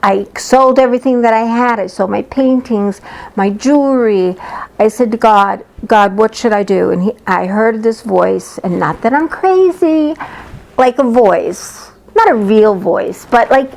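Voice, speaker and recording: A woman's voice: a little high, measured pace, creaky, darkish tone. A woman psychic reader telling stories about her work in a casual, lighthearted, blunt way. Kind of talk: casual personal storytelling.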